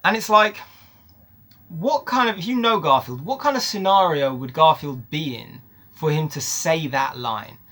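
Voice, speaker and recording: A man reviews a movie in a casual, opinionated rant. His voice sits a little high, and he hammers his points home by repeating them. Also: animated, a little slow, pushed and bright. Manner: emphatic, ranting, repeats words for stress.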